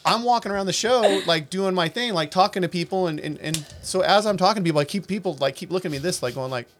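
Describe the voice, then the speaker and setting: A man on a podcast telling a casual, animated story with frequent laughter. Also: high-pitched, fast, a little hiss or hum. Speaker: podcast host.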